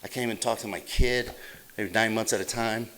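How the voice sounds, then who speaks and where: Deep-voiced man telling his recovery story. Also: steady tone, fairly bright tone. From Utah. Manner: halting, plain-spoken, many fillers and restarts. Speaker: AA meeting speaker. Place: meeting hall.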